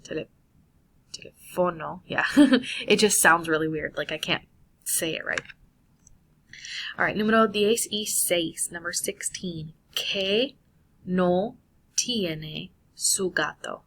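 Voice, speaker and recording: A woman's voice: lowish voice, slow, a bit bright. A woman walking through a Spanish lesson on screen in a casual, self-correcting way. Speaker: Spanish teacher. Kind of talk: screen-recorded lesson walkthrough.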